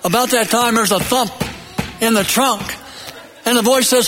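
A male preacher delivers his sermon with a high-pitched voice that carries through a reverberant hall. He builds to loud peaks, then drops low and quiet. Now and then he breaks off into a joke or a story. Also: moderate pace, soft background music. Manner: tells jokes and stories.

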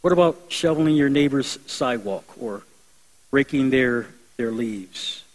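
A young adult man preaching to his church in an earnest, conversational way. His delivery swells into emphatic, lifted phrases and then drops back to a quieter, reflective tone. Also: mid-range voice, lively intonation, measured pace, rough recording. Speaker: pastor. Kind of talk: sermon.

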